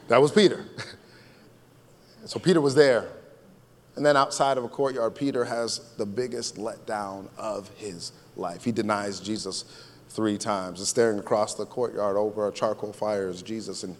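A man's voice: mid-range voice, fairly even intonation, fairly quick. Casual preaching man in a reverberant hall. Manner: casual, conversational preaching with repeated phrases. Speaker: pastor. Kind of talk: sermon.

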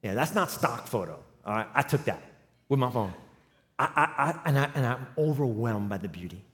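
A man in his forties preaching a sermon, telling a humorous personal story and building to loud, emphatic runs. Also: medium pitch, animated, normal speed. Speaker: pastor. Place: large church hall with live audience. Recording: long hall reverb.

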